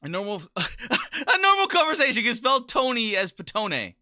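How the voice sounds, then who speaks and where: A woman's voice: a little high, very animated, moderate pace, pushed and bright. A woman livestreamer chatting casually, rambling and stumbling over restarts as she reads and answers viewer messages. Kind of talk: casual chat while reading viewer messages.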